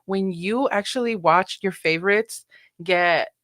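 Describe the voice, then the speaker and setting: A woman's voice: mid-range voice, a little slow, no echo, studio quality. A young woman co-hosting a casual wrestling podcast, talking as an emotional fan. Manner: warm, emotional fan, laughs easily. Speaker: podcast co-host.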